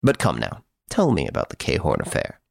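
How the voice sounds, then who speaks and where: A man reading an audiobook, voicing a serious, patient police detective who speaks in a slow, measured way. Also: extremely low pitch, wildly swooping pitch, gravelly, dry recording, full character voice. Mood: earnest.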